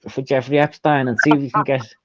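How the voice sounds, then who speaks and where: A man's voice: mid-range voice, fairly even intonation, quick pace. A man with a Liverpool accent chatting casually in his living room and laughing often. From Liverpool, England. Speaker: musician and host. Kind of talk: casual chat. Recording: dull dry lo-fi audio.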